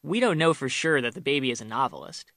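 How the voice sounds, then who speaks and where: A jittery, defensive father-to-be, as a male narrator plays him, talking quickly when pressed. Bright, close, dry storybook voice with nothing around it. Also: medium pitch, expressive, dry recording. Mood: flustered. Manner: flustered, defensive. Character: flustered defensive expectant father, man, writer.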